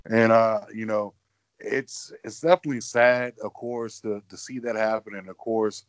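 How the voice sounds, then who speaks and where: A man's voice: lowish voice, steady tone, normal speed, dry recording. A man hosting a wrestling podcast, talking casually with many fillers and restarts. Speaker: podcast host.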